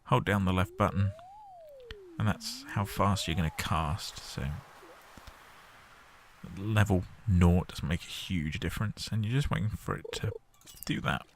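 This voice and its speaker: A man's voice: low voice, measured pace, slight background noise. A man hosting a game playthrough, chatting casually and explaining the controls step by step. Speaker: gaming host.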